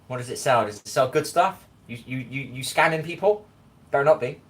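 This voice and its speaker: A man's voice: medium pitch, fairly quick. A tired man with a West Country accent, rambling casually on a livestream and reading viewers' names from the chat, recorded on a phone at home. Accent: West Country English. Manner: rambling, chatty, reads chat names aloud. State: tired after little sleep. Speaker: livestream host.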